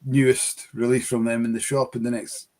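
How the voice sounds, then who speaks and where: A man's voice: medium pitch, level tone, moderate pace, darkish tone. A man with a Scottish accent, co-hosting a casual chat about whisky for a shop, friendly and laughing easily.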